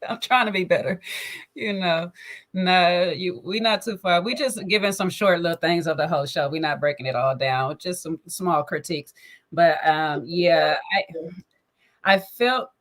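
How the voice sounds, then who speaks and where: Co-host, mid pitch, easygoing, halting restarts, casual. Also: a bit bright. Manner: easygoing, repeats words while thinking. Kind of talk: casual reality TV review chat.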